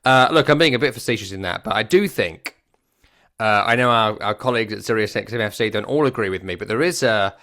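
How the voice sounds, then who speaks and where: A man's voice: lowish voice, fairly quick, fairly bright tone. A man hosting a football podcast, giving a casual, wry match review and repeating phrases for emphasis. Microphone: works regularly on a microphone.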